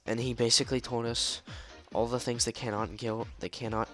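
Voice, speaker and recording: A man's voice: mid-range voice, little pitch movement, a little fast, a bit bright. A tired, yawning man casually telling a long story, rambling and repeating himself as he goes. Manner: rambling, repeats words and restarts often. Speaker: storyteller recounting a dream. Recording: music playing clearly behind the voice. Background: music.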